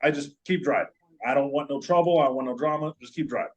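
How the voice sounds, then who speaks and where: A man's voice: medium pitch, fast talker, muffled recording. A man, a podcast guest, telling a long story in casual, joking, profane chat.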